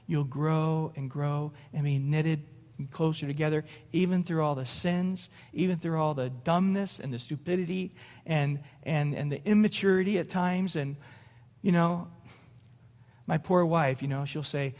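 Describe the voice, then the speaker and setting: A man's voice: on the high side, normal speed, darkish tone. A middle-aged male pastor preaching an evening sermon in a conversational way, laughing and acting out little dialogues. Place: church sanctuary. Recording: long hall reverb.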